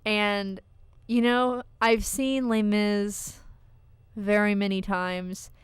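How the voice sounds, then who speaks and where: Smooth-voiced woman radio co-host. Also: medium pitch, level tone, drawn-out words, dry recording. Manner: chatty, steering the talk back on track. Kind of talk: casual college radio chat.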